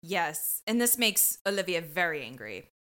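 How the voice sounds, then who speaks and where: A woman's voice: on the low side, big pitch swings, normal speed, bright, forceful tone. A woman co-hosting a podcast, recapping an episode in casual chat with playful joking asides. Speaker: podcast co-host.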